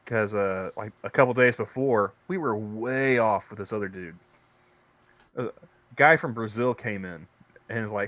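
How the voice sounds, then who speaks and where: A man's voice: fairly low pitch, moderate pace, fairly bright tone, no echo. A man co-hosting a casual podcast chat, rambling through stories with many restarts. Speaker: podcast co-host; convenience store worker.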